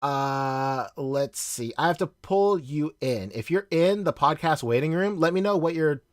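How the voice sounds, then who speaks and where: A man's voice: on the high side, expressive, unhurried, dry recording, clean studio sound. A man in his thirties from the Philippines, with a Southern US accent, hosting a casual livestream and chatting in a rambling way, laughing often and swearing freely. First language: Tagalog. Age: 30s. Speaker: livestream host.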